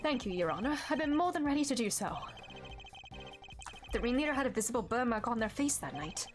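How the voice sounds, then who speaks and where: A woman reading the lines of a cool, formal male prosecutor in a measured, composed way, close to her own voice. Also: very high-pitched, big pitch swings, over music.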